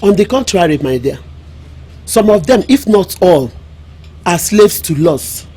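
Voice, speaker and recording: A wise village mother with a Nigerian accent, speaking in a husky voice with wide rises and falls. She counsels knowingly, leaning on proverbs. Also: fairly low pitch, very animated, unhurried, mellow, exaggerated voice. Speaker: mother advising her daughter.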